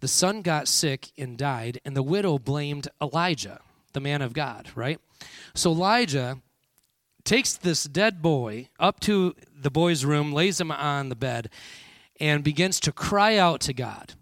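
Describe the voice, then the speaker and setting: A man's voice: fairly high pitch, lively intonation, measured pace, a bit bright, no room sound, clean studio sound. A man preaching a sermon to a congregation, with frequent call-and-response and "all right" checks. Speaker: pastor.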